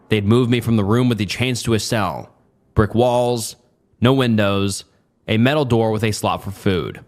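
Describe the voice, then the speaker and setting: A man reading a first-person horror story aloud at a steady, quick pace. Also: fairly low pitch. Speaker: story narrator.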